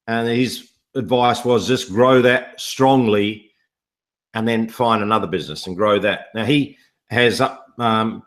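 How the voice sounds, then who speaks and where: A man chatting on a live video call, telling jokes and rambling stories in casual conversation. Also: lowish voice. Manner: joking, rambling storyteller. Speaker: online business promoter.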